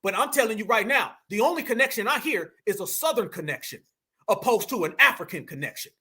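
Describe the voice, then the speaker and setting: Host, man, fiery preachy monologue, high lively voice. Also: fairly quick. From New York. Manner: emphatic, preachy, animated, addresses audience as fam. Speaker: political commentary host.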